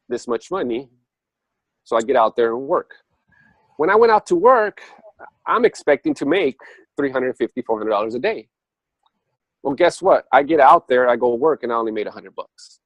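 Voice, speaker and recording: A man tells a spiritual story in a loose, conversational way, full of fillers and restarts. His pitch sits mid-range but leaps up when he grows heated. The sound is dry and close. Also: no echo, rough recording. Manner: animated storytelling with sudden jumps up in pitch. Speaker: speaker on a spiritual talk show. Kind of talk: casual spiritual talk.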